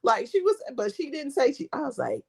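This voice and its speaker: A woman vlogger chatting casually, telling a story in an animated way, mimicking people and laughing often. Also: high-pitched, a little fast, gravelly. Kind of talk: casual chat.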